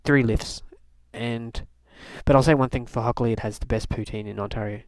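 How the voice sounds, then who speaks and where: A man's voice: medium pitch, no room sound. A young man from Canada telling a rambling, wry diary-style story, full of fillers and restarts. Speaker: video blogger. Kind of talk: casual rambling diary talk.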